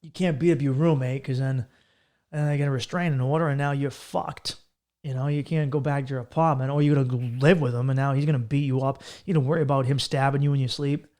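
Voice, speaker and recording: A man's voice: mid-range voice, steady tone, fast talker, a little mellow. A man hosting a podcast, giving casual advice in a blunt, profane and emphatic way. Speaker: comedian and podcast host.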